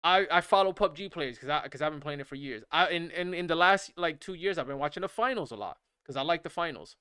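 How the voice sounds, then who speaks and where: Bright-voiced ranting man. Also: on the high side, fast talker, clear, resonant tone, dry recording, studio quality. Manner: incredulous, repetitive, animated. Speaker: gaming streamer. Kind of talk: casual rant while playing.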